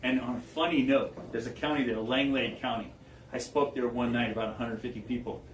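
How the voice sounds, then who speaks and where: A man giving a public talk, telling stories in an animated way and chuckling as he goes. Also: medium pitch, a little fast. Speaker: guest speaker. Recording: echoey room, distant mic, faint background noise.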